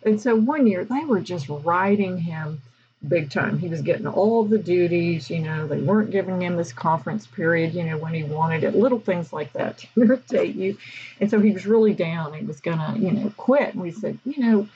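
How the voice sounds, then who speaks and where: A woman's voice: on the low side, normal speed, muffled recording, a little hiss or hum. A woman teacher, telling stories casually on a podcast, with lots of fillers and an easy, chatty manner. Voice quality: husky, breathy. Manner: chatty, with frequent fillers and laughs.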